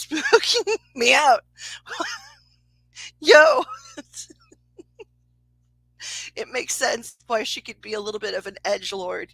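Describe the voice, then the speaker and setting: Chatty, bright-voiced woman psychic. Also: medium pitch, dry recording, poor audio. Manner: chatty, laughs often, swears freely. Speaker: psychic medium giving a live reading. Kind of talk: casual livestream storytelling.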